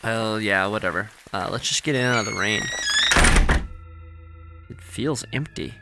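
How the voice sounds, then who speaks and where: A man narrating a horror story in a measured, deadpan way. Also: on the low side, gravelly, loud music behind the voice. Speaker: narrator and player.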